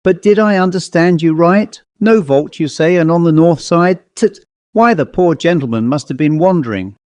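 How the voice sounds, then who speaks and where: A man's voice: mid-range voice, animated, moderate pace, a little mellow, dry recording, close to an everyday voice. A man voicing a fretful rustic parish clerk. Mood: shocked. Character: deferential, easily shocked male parish clerk.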